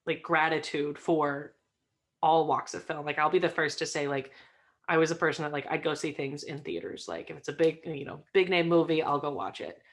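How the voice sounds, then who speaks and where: A woman guest in a casual interview, chatty and filling her talk with "like", rising into excited bursts. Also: low voice, normal speed. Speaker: podcast guest, stream host.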